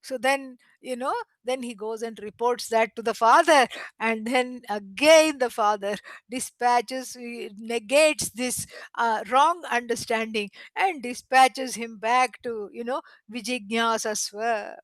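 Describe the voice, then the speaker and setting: High-voiced woman teaching scripture with chuckles. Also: takes it slowly, no room sound. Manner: animated, chuckles often, chants Sanskrit verses. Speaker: Vedanta teacher. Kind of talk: spiritual lecture with storytelling.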